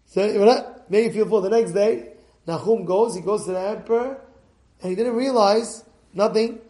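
A rabbi with a high-pitched voice delivers an animated storytelling sermon. He swings between hushed asides and loud exclamations. The sound is roomy and echoing. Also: normal speed.

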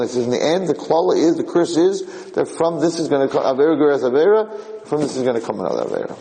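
A rabbi races through an informal Torah class in a voice on the high side, telling lively stories and repeating himself, often restarting phrases. The poor recording has a big-room sound.

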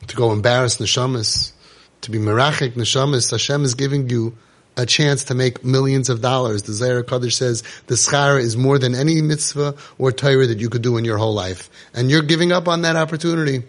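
A man's voice: mid-range voice, a little fast. A man giving an impassioned religious lecture to parents, scolding and rhetorical, sprinkling in Hebrew and Yiddish terms.

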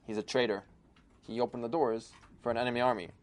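A man voicing a stern male governor who questions and sentences in a low, measured tone. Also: fairly even intonation, natural voice.

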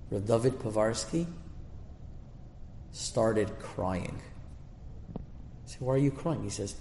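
A man's voice: fairly low pitch, unhurried, creaky, long pauses, mellow, a little hiss or hum. A man giving a Torah class as a rabbi, telling a story in an earnest, emphatic way and mixing in Hebrew terms. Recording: echoey room with long reverb.

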